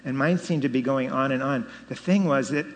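A middle-aged man tells his story of faith in a lively, storytelling way, his voice rising when he stresses a point. His voice sits at an ordinary pitch and carries a long reverb, as if he were speaking in a large hall. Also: a little fast. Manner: animated storytelling with laughs and rising emphasis. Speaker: speaker giving testimony. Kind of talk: personal testimony.

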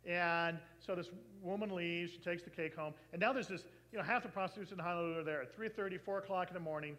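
A man preaching, telling a long story and acting out the people in it with lively changes of voice. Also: sits high, quick pace, low-quality recording. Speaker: pastor. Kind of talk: sermon storytelling.

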